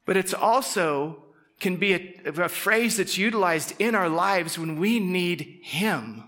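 Middle-aged male pastor with a fairly high, bright voice, preaching in a chatty style and acting out short quoted lines. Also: lively intonation. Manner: conversational, acts out quick quoted voices, drops to soft intense tones. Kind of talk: casual sermon.

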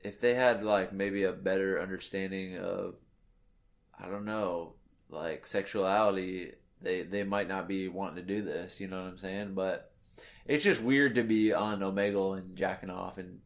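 A man's voice: sits low, steady tone, normal speed. A man co-hosting a podcast, talking in loose, profane, slightly drunk banter. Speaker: podcast co-host. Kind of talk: casual podcast chat.

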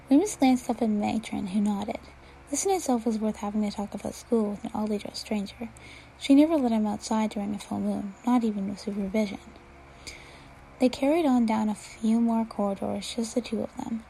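Woman reading a fanfic out loud, kinda gravelly, mellow low-key tone. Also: a little fast, a little hiss or hum, rough recording. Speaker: reader. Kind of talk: reading fan fiction aloud.

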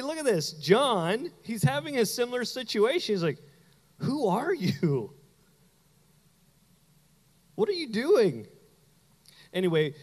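Canadian guy preaching, tells stories, acts out voices, long hall echo. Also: on the high side. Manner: animated storytelling, acts out quoted voices. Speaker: pastor. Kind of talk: sermon with personal story.

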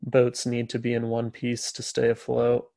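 A man's voice: medium pitch, monotone, moderate pace, creaky, dark tone, no room sound. A man co-hosting a podcast, retelling a story in casual chat with jokey, sarcastic asides. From USA. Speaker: podcast co-host.

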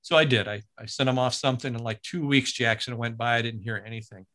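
A man who works as a broadcaster, telling a story in an interview in an animated way, with frequent restarts and acted-out quotes. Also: mid-range voice, quick pace.

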